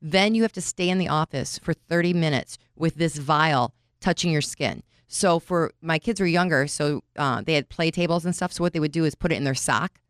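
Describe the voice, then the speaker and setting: A woman in her forties co-hosting a podcast, telling stories in casual chat and getting animated when she acts out scenes. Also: deep voice, moderate pace, few pauses, smooth, dry recording, studio quality. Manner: chatty storyteller, animated when retelling scenes. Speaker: podcast co-host.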